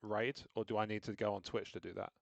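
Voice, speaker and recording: A man's voice: on the low side, flat delivery, quick pace, gravelly, dry recording, lo-fi sound. A man streaming games live, chatting casually and thinking aloud as he works out his setup, with self-deprecating asides. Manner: rambling, self-deprecating, talks through what he is doing on screen. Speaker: game streamer.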